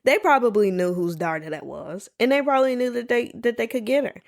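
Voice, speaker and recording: Sassy animated woman podcast host. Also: fairly high pitch, brisk, gravelly. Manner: sassy, animated storytelling with playful voices for others; colloquial, says "y'all" and "baby". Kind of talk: casual solo podcast chat.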